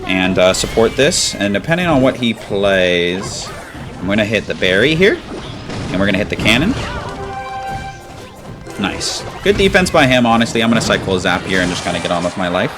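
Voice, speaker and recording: A man with a slightly low voice talks through a match as he plays it, loose and casual, narrating each move. He gets loud and eager when a push comes together. Clear music runs underneath. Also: normal speed. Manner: casual, breaks into excited chanting at big moments. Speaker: gaming commentator. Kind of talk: live gameplay commentary. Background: background music.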